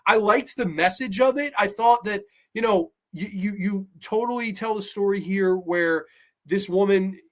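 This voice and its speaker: A man hosting a podcast, talking through a horror episode in a casual, animated way, with lots of restarts and blunt asides. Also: high-pitched, measured pace. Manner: animated and chatty, many restarts, asks "right?". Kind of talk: casual spoken review.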